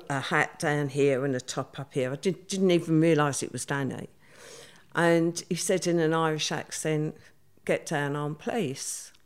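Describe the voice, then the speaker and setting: An older woman, telling her story as an interview guest in a plain-spoken way and acting out what people said. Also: deep voice. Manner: plain-spoken, acts out quoted dialogue.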